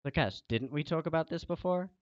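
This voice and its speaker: A man's voice: fairly high pitch, fairly quick, no room sound, muffled recording. A young man streaming a game, lecturing and scolding a teammate in casual chat.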